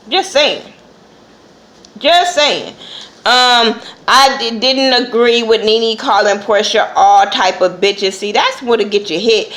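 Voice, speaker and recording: Woman, vlogger, casual show review, blunt, profane, slightly high voice. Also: fairly bright tone. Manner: blunt and profane, acts out quotes. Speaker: TV episode reviewer. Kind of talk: casual opinion vlog.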